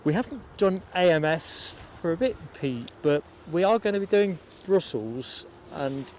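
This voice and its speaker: A man's voice: mid-range voice, a little mellow, slight background noise. A man from the United Kingdom hosting a live stream outdoors at an airport, chatting casually, laughing easily and greeting viewers by name.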